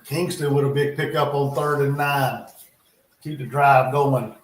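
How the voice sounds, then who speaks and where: A man's voice: mid-range voice, steady tone, unhurried. Male streamer, loose play-by-play with offhand asides, recorded at home in a roomy echo. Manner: chatty, thinks aloud, muttering asides. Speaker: livestream host reacting to football. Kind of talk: casual live game commentary. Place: home in North Carolina. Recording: echoey room.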